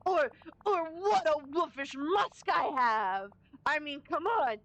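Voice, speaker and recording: A woman's voice: sits high, expressive, slow pace, a bit bright, no echo, voice pushed up, full character voice. A woman voicing a blustering fake wolf guardian of the woods in a game, with a strained growly voice and a theatrical, boastful manner. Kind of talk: reading game dialogue aloud in voices.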